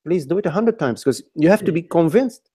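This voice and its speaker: A man's voice: fairly high pitch, expressive, a little fast, dark tone, slightly rough, no room sound. A man leading a contemplative dialogue over an online call, searching for words and often repeating and restarting his phrases. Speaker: spiritual teacher.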